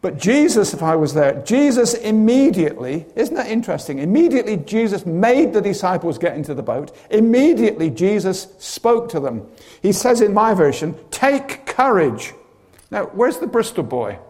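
A man's voice: high-pitched, moderate pace. A man preaching a sermon, telling stories with dramatic flair and humorous asides. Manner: animated storytelling with humorous asides.

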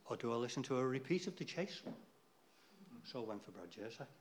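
A man's voice: mid-range voice, animated, a little fast, slight background noise. A man giving an informal, rambling talk to a church group, chatty and losing his place now and then.

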